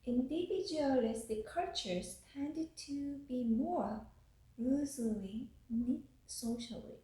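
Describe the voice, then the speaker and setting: Her voice high and animated yet mellow and unhurried, a woman professor delivers a recorded lecture at a slow, careful pace, frequently restarting phrases. The room echoes noticeably.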